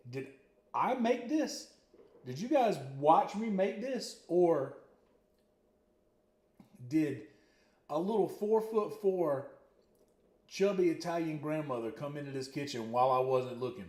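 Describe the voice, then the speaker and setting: A man hosting a casual cooking livestream from his home kitchen, excitable and boastful, exclaiming loudly about his own food. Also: a little high, a little slow, long pauses, reverberant. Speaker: livestream host.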